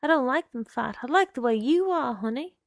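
A woman voicing a smooth-talking, menacing young man who speaks in a coaxing, insistent way. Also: sits high, animated, fairly quick, no room sound, studio quality, pitched above the performer's own voice.

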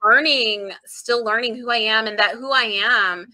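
Bright, high-voiced woman in her forties. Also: normal speed, poor audio. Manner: expressive, laughs readily, acts out quoted voices. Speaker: author and guest. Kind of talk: animated conversational storytelling.

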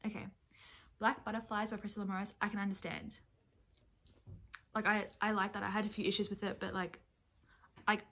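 Woman book vlogger, casual reaction-video chatter, bright and crisp voice, expressive, profane. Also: mid-range voice. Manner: expressive and chatty, swears freely. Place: at home with her dog nearby.

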